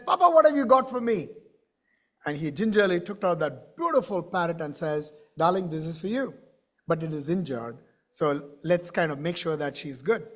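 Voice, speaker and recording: A man giving a conference keynote, talking to the audience directly and acting out the voices in a story he tells. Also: high-pitched. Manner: animated, acts out dialogue in his stories. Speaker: keynote speaker. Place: conference stage.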